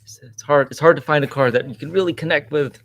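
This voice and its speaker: A man's voice: a little high, fast talker, a bit bright. A man co-hosting a casual livestream, talking thoughtfully and hesitantly with lots of fillers. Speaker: co-host.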